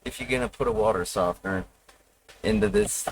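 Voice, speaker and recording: A man's voice: mid-range voice, big pitch swings, fairly quick, creaky, poor audio. A man streaming live, rambling and profane as he teases his viewers. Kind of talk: casual live stream chat.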